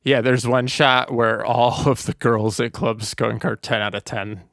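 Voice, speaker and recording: A man's voice: mid-range voice, flat delivery, a little slow, creaky, a bit bright, no room sound, studio quality. A man co-hosting a podcast, chatting casually about a movie and rambling with lots of "like" and restarts. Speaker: podcast co-host.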